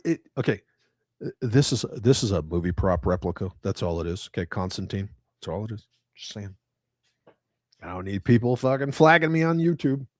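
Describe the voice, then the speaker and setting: A man's voice: on the low side, animated, normal speed, no room sound, studio quality. A man hosting a livestream, joking around and swearing freely while chatting with viewers from home. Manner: profane, joking banter. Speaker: livestream host. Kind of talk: casual chat with live viewers. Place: at home with his cats.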